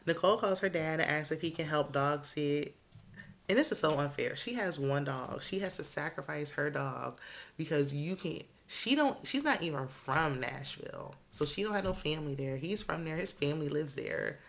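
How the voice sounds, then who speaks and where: A woman in her thirties giving a chatty, blunt and candid recap of a reality TV show. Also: low-pitched. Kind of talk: casual opinionated recap.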